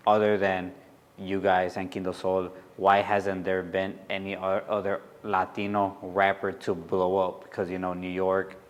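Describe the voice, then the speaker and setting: A man's voice: deep voice, monotone, unhurried, highs cut off. A man interviewing a guest, asking plain questions and giving brief reactions.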